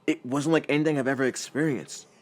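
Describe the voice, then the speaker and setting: A man voicing a young, brooding prince who holds back his anger, speaking quietly and stiffly. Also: medium pitch, steady tone, quick pace, voice pushed up, close to an everyday voice. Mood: restrained.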